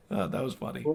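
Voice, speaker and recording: A man's voice: on the high side, gravelly, fairly bright tone, husky. A man narrating as game master of a tabletop game, in a wry, amused way.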